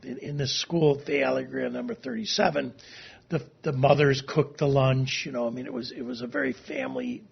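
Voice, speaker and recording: A middle-aged man telling a long personal story as an interview guest, halting and emotional, sometimes tearing up. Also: a little high, very animated, gravelly, breathy edge. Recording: dull lo-fi recording.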